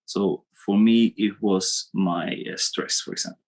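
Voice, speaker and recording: A man coaching a live online webinar, animated and repetitive as he draws on screen, talking into a computer mic. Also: fairly low pitch, measured pace, poor audio. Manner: animated, repeats himself, drawing on screen.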